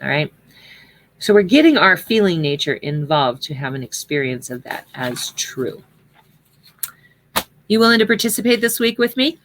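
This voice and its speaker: A woman's voice: low voice, big pitch swings, normal speed, long pauses. A woman teaching a class on prosperity affirmations in a casual, earnest way, with many fillers. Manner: chatty and earnest, with many fillers and occasional laughs.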